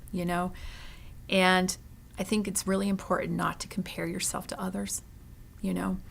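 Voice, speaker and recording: A woman's voice: mid-range voice, creaky, a bit bright, a little hiss or hum. A woman who owns a consignment store, speaking as an interview guest in an earnest, heartfelt way and often tagging her sentences with "you know" and "right".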